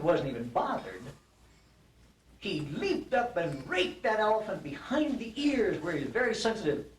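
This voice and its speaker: A man's voice: high voice, a little hiss or hum. An older man giving an acceptance speech at a banquet, telling a folksy animal joke in a storytelling manner. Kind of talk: after-dinner speech with a told joke. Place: banquet hall. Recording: roomy hall recording from a distance.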